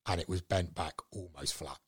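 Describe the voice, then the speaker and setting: A man, a guest angler, telling a fishing story in a casual, animated way. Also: low voice, moderate pace, breathy edge, no room sound, studio quality.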